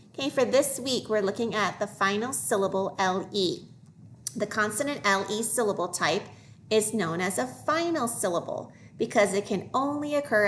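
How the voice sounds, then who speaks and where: A woman teacher leading a phonics lesson for young children, modeling each word slowly and clearly. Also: mid-range voice. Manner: slow, deliberate modeling of words for young learners.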